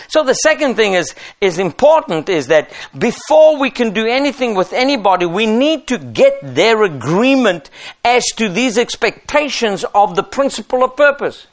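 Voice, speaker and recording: A man's voice: high-pitched, big pitch swings, normal speed. A middle-aged man preaching a sermon as pastor, emphatic and driving his points home with rhetorical questions.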